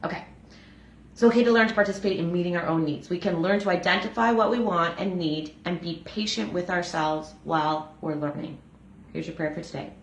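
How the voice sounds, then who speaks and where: A middle-aged woman gives a heartfelt reflection on a daily reading, earnest and a little rambling, with many fillers. Her voice sits fairly low, and the room around her has a noticeable echo. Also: steady tone, fairly quick, a little hiss or hum. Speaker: energy healer and breath facilitator. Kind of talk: reflective self-help reading and chat. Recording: echoey room.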